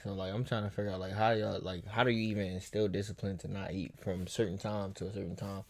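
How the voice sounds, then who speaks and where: Low gravelly man asking curious questions. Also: little pitch movement, fast talker, darkish tone. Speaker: podcast co-host. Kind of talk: casual podcast chat.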